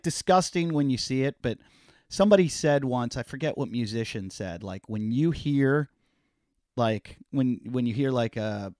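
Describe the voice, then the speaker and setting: A man at a middle pitch, chatting as a podcast guest. He tells stories with animated energy, swears freely and slips into the voices of the people he quotes. The sound is dry and close, with no room around it. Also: no echo. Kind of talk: casual storytelling.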